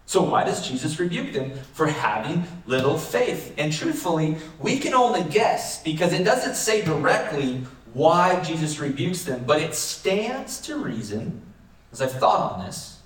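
A man's voice: on the high side, very animated, unhurried. A man pastor preaching a sermon in a conversational way, often asking rhetorical questions, in a church hall. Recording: echoey room, mic far off.

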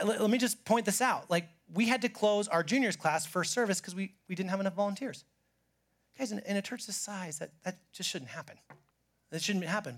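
A man preaching a sermon as pastor, animated, swinging from loud acted quotes to hushed asides. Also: on the high side.

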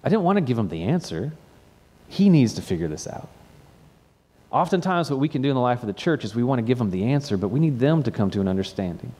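A man's voice: medium pitch, sing-song, fast talker, mellow. A man who is a pastor, giving a sermon that retells a personal story in a conversational way and often repeats the first word of a phrase.

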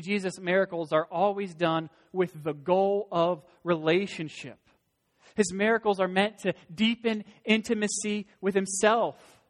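A man preaching in a fairly high voice, emphatic, with folksy asides between his points. His words ring with long reverb in a large church sanctuary. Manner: emphatic, rising to loud stresses. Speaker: pastor. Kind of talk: sermon.

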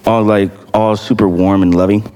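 A young man casually sharing his church testimony, animated, full of fillers and acted-out quotes. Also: moderate pace, clear, resonant tone, long reverb tail. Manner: animated storytelling, acts out quotes in a high voice, many fillers. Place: church hall.

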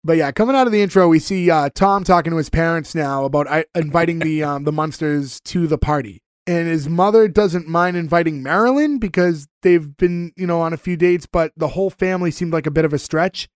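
A man's voice: on the high side, brisk, few pauses, smooth, no room sound, studio quality. A man hosting a podcast, recapping a TV episode in rambling casual chat with many fillers. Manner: rambling, with frequent fillers and restarts. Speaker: podcast host.

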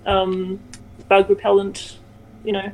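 A woman's voice: mid-range voice, completely flat delivery, slow, poor audio. A woman taking part as a player in a tabletop game, easygoing and playful. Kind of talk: tabletop role-play.

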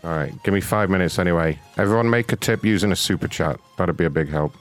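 A man's voice: sits low, fast, faint music behind. A man hosting a prank call stream in casual banter, blunt and profane as he jokes with his co-hosts. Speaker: prank call show host.

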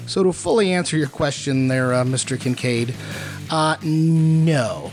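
A man's voice: a little high, unhurried, darkish tone. A man telling a rambling, self-mocking story in a casual monologue, with many fillers. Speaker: podcast host. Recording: faint guitar music behind.

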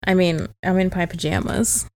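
A woman hosting a podcast, chatting casually, relaxed and self-deprecating, quick to laugh. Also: lowish voice. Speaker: podcast host. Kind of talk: casual chat.

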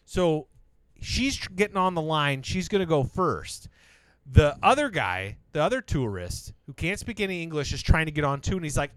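A man in casual podcast chat, retelling a show's plot with lots of swearing and excited jumps in his voice. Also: normal speed, clean tone, dry recording. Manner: animated storyteller, swears a lot, jumps high when excited. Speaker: podcast co-host.

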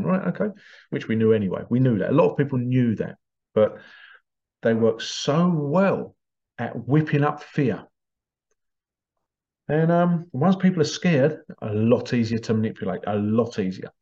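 Man with a dark, dull voice. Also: mid-range voice, very animated, moderate pace, gravelly, pauses often. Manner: rambling and emphatic, repeats himself. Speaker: hypnotherapist giving his views. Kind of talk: casual monologue. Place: small stuffy room. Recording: slightly dull lo-fi sound.

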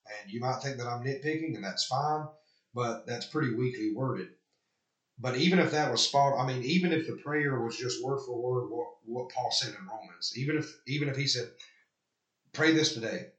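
A man's voice: medium pitch, moderate pace, fairly bright tone, reverberant, low-quality recording. A man preaching a sermon, earnestly reading quoted lines aloud and then rebutting them. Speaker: pastor. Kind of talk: sermon critiquing an article.

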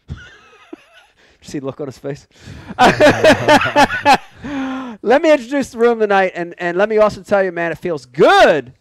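A male host with a high, springy voice that swoops up and down as he greets the audience and banters with friends. He laughs often and talks in a dry, close sound with no room ring. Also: sing-song, a little slow, long pauses, no room sound. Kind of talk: live show banter.

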